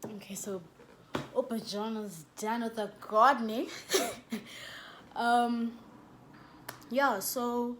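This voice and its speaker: A woman's voice: fairly high pitch, slow pace, pauses often, background noise. Chatty South African young woman. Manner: chatty and animated, with laughs and code-switching. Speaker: YouTuber. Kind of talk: casual storytime vlog.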